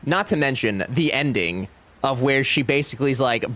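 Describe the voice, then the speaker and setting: A young man streaming a game and chatting casually with his viewers. He talks in an animated, chatty way and swears freely, his pitch leaping up and down across a wide range. His voice sits in a middle register for a man. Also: normal speed. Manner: animated, chatty, swearing, reads chat aloud. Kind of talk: casual live-stream chat.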